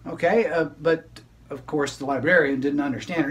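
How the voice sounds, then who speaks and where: A man's voice: high-pitched, brisk, a bit bright, far from the mic. A man who is a magician, hosting a children's library video show and playing straight man to his puppet.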